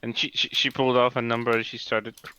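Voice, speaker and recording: A man in casual chat, telling rambling, animated stories about customer service. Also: mid-range voice, quick pace, clean tone, dry recording, low-quality recording.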